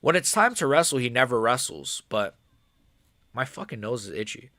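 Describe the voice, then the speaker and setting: A man's voice: medium pitch, big pitch swings, moderate pace, bright, forceful tone, no echo, clean studio sound. A young man giving casual, profane live-stream reaction commentary, rambling and frustrated with lots of fillers. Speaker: livestreamer watching a fight.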